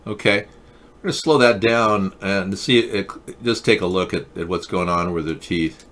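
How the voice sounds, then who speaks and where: A middle-aged man with a somewhat low voice, talking in a forceful, pressing tone. He hosts a talk show and rambles through a mock-earnest monologue, keeping a deadpan manner throughout. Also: moderate pace.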